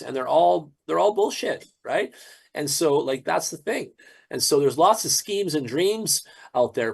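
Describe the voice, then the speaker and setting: A man's voice: on the high side, gravelly, husky. A man promoting a crypto platform in a casual, preachy pep talk, often repeating words.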